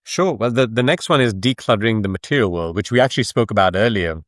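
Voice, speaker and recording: A man's voice: fairly low pitch, animated, fast talker, no echo, clean studio sound. A man, an author and coach, explaining his ideas in a conversational interview, emphatic and fond of rhetorical questions. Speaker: author and coach, podcast guest.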